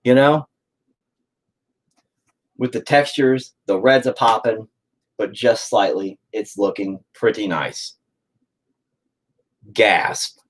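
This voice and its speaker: A man's voice: fairly low pitch, slow pace, pauses often, low-quality recording. A man chatting casually and profanely while painting on a livestream, rambling and joking. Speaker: streamer painting on camera.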